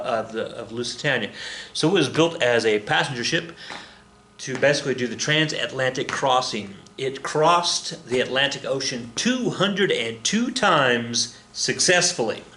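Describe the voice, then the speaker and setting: Male history teacher, bright voice, digressive and self-correcting, recorded in an echoey room. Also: medium pitch, a little hiss or hum. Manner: rambling, self-correcting, joking asides. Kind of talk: recorded classroom lecture. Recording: roomy echo with faint ambience.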